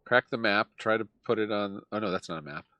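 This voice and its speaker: Low-voiced man muttering game commentary. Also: fairly even intonation, a little fast, dull audio. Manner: chatty, muttering play-by-play with sighs and laughs. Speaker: gameplay commentator.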